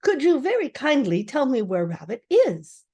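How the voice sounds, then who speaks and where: A woman's voice: high-pitched, big pitch swings, moderate pace, mellow, slightly rough, pitched above the performer's own voice, heavily acted. An older woman voicing a simple, cheerful, honey-loving bear, humming in a sing-song way. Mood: eager.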